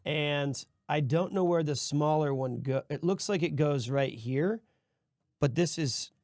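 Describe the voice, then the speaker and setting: A man's voice: fairly high pitch, unhurried, darkish tone, no room sound, clean studio sound. A man hosting a stream, chatting casually and rambling while building a model set, often restarting his sentences. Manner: rambling, self-correcting, easygoing. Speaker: streamer host.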